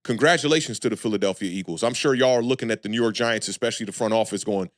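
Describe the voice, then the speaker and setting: A man hosting a live sports talk stream, talking loosely and frankly to chat viewers and shouting them out. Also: fairly low pitch, fast talker, hardly any pauses, dry recording, studio quality. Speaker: sports channel host.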